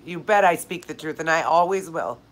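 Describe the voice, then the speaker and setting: Her voice is low and brisk, and the recording is low quality. She's hosting a live Q&A, tearfully chatting with viewers, calling them by name in an emotional, heartfelt way.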